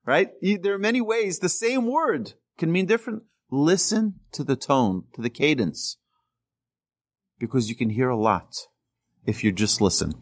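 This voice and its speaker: A man's voice: on the high side, big pitch swings, moderate pace. A man speaking as a rabbi, giving a teaching talk in an emphatic style, repeating and restarting phrases and pushing his voice up on key words. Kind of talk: teaching talk on speech and ethics.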